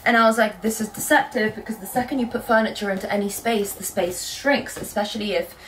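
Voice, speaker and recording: A young woman from Britain chatting casually in a book vlog from her bedroom, telling stories in a lively, animated way. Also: mid-range voice, distant mic, slight background noise, poor audio. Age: young adult. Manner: chatty, quick and animated storytelling. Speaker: book vlogger. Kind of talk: casual chat.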